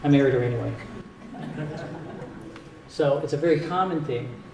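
Brief: male doctor with a Northern US accent, mellow tone, plain and patient, recorded from a distance in a roomy hall. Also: medium pitch, moderate pace, vocal fry. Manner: plain, patient explaining with dry jokes. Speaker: cardiologist giving a talk. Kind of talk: explanatory health talk with audience Q&A. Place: community hall at a retirement home. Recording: echoey hall, distant mic, faint hiss.

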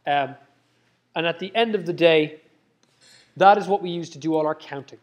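A man with a high, light voice lectures a room of students. He keeps checking in with "okay?", says the main points twice and throws in joking asides. His voice sometimes drifts back from the mic in the lecture hall. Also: moderate pace. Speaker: university lecturer. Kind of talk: live lecture.

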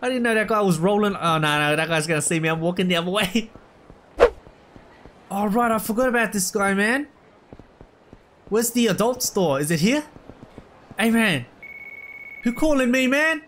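High-voiced excitable young gamer guy. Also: moderate pace, pauses often, slight background noise. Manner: excitable, slangy, calls out at the game. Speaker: let's play gamer. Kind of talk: casual gameplay commentary. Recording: loud game music underneath. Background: game music.

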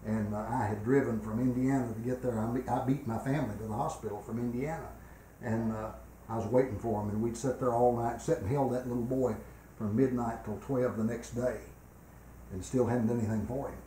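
An older man preaching a revival sermon in a church, swinging between loud, emphatic exhortation and quiet personal storytelling. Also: medium pitch, fairly even intonation, brisk, a little hiss or hum. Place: church sanctuary. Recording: echoey church room.

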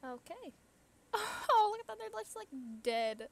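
A woman's voice: very high-pitched, big pitch swings, unhurried, vocal fry. A young woman thinking aloud as she plays a puzzle game, chatty, gasping and squealing at what happens on screen. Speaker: gamer. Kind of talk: casual let's play commentary.

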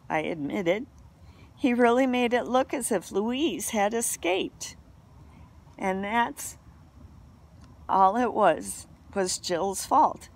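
Woman, storybook reader, slow and gravelly; steady unhurried narration. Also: medium pitch. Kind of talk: reading a children's novel aloud.

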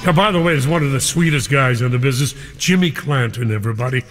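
A man's voice: mid-range voice, quick pace, long reverb tail. An older man hosting a live radio music show, calling listeners "cousin" with playful, chummy banter and taking phone requests. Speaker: radio disc jockey.

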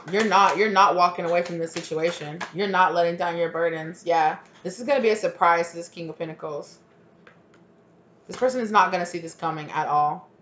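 A woman's voice: on the low side, fairly bright tone, slight background noise. A woman giving a casual tarot reading, rambling with lots of "like" and sudden exclamations. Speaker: tarot reader.

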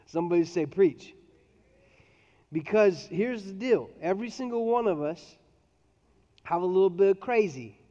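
A man's voice: high voice, expressive, moderate pace, long pauses, mellow. A man preaching a sermon as pastor, in a playful, joking storytelling manner. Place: church auditorium. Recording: dull sound with long hall reverb.

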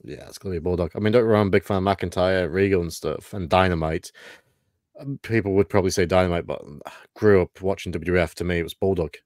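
A man from the East Midlands, chatting casually as co-host. His voice is low, and his talk wanders in a laid-back way with many fillers. The sound is dry and close. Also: quick pace, a little mellow, no room sound. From England, East Midlands. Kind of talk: casual chat.

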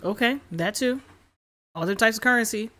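A young woman hosting a casual reaction video, talking in an animated, slangy way and laughing often. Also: fairly high pitch, moderate pace. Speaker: YouTube reaction host.

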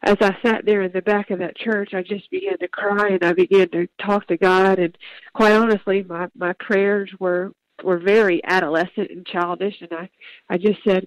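A young woman tells her personal testimony. She speaks earnestly and haltingly, pausing and restarting as she goes. The sound is dry and close, with no room echo. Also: medium pitch, lo-fi sound. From Georgia, US. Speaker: guest telling her testimony.

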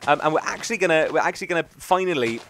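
A man's voice: fairly high pitch, animated, very fast, a bit bright, slight background noise. A young man, rambling and joking through casual let's play commentary. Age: young adult. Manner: rambling, chatty, jokey. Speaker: gaming commentator.

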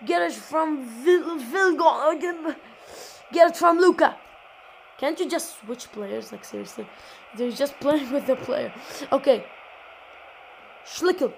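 A woman giving excited, rapid play-by-play football game commentary at home, yelling at the players. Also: high voice, a little hiss or hum, low-quality recording. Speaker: gameplay commentator.

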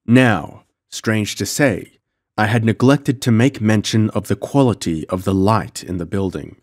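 Low-voiced man narrating an audiobook. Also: a little mellow. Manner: measured storytelling. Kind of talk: scripted first-person narration.

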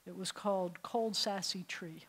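Her voice medium-pitched and husky, a middle-aged rabbi lectures a little slowly to adult learners in a beginners' Hebrew class held in a synagogue classroom. She tells stories and poses questions to the class, and the audio is poor.

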